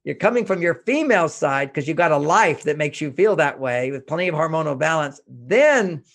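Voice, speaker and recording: Gravelly older man giving earnest advice. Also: on the high side, lively intonation, moderate pace, fairly bright tone. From Houston, Texas. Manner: earnest, emphatic, repeats points. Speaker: author and relationship guest. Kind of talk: interview, self-help advice.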